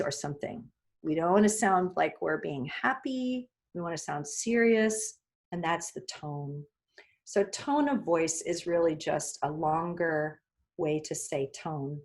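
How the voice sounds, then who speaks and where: A woman's voice: lowish voice, a little slow, darkish tone. A woman speaker answering questions as a hiring manager, patiently laying out simple rules in a teacherly way. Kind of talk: explanatory Q&A answers.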